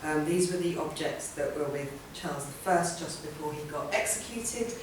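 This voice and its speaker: A woman with a fairly low voice talks through her artwork in a rambling, conversational way, full of ums and half-finished sentences. She is picked up from some distance in a very reverberant hall, and a faint room hum sits underneath. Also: normal speed. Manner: chatty, rambling, many ums and restarts. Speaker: artist giving a talk. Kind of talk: informal public talk. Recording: roomy hall sound from a distant mic.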